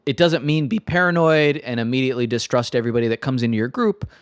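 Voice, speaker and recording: A man's voice: mid-range voice, steady tone, fast, smooth, dry recording, studio quality. A man co-hosting a podcast in casual chat, thoughtful and rambling, with many fillers. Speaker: podcast co-host.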